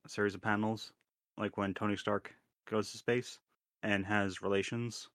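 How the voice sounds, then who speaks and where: A man co-hosting a podcast in casual chat, talking haltingly with many restarts. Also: fairly low pitch, flat delivery, a bit bright, no echo, studio quality. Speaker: podcast co-host.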